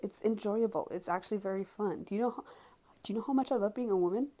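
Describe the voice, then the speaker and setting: A young woman in her twenties chatting straight into her camera at home, loose and frank. She rambles and circles back, leaning on filler words as she thinks aloud, her pitch sitting mid-range for a woman. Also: fast talker, mellow, a little hiss or hum. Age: 20s. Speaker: vlogger. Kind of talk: casual monologue to camera.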